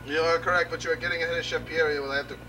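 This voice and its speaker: A man's voice: fairly high pitch, level tone, rapid-fire, voice pushed down, lightly acted. A man hamming it up as a pompous French TV chef with a put-on French accent, laughing as he bosses his assistant around. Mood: bossy. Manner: hammy, bossy, laughing through lines. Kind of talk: home-video cooking show parody. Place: home kitchen. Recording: noisy home video.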